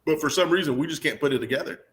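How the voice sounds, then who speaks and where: A man's voice: a little high, rapid-fire. A man in his thirties chatting casually on sports radio, telling jokey stories as a football fan. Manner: joking, animated storyteller. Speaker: guest, Clemson fan.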